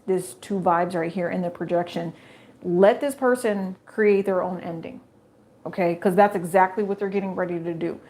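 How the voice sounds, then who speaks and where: A woman reads tarot straight to her viewers in a chatty, emphatic voice. She circles back over her own phrases and drops rhetorical questions as she goes. Her pitch sits in an ordinary middle range. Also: darkish tone. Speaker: tarot reader. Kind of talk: solo tarot reading to camera.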